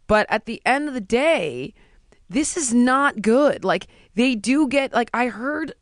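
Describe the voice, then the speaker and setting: A woman in casual chat, telling stories in an animated way and acting out what people said. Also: fairly high pitch, unhurried, no echo, clean studio sound. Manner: animated storytelling, acting out quotes.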